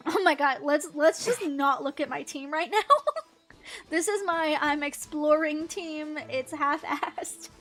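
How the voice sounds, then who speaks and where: High-voiced young woman, giggly rambling chat. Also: slow, fairly bright tone. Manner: rambling, giggly, swears casually. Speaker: gaming streamer. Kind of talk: casual chat while gaming. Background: faint game music.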